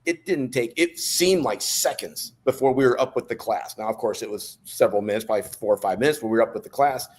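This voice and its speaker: A man's voice: mid-range voice, quick pace, few pauses. A middle-aged American man talks through an old memory on a podcast. He rambles at an easy pace, restarting his sentences as he goes. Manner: relaxed, rambling storyteller with restarts. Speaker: guest, former Navy SEAL. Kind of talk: storytelling in a podcast interview.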